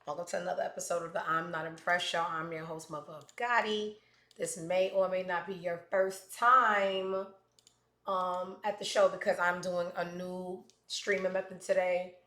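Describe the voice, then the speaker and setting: A woman's voice: fairly low pitch, little pitch movement, normal speed, sharp tone, reverberant. A woman hosting a casual livestream, chatting in a rambling, profane way with plenty of asides. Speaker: host.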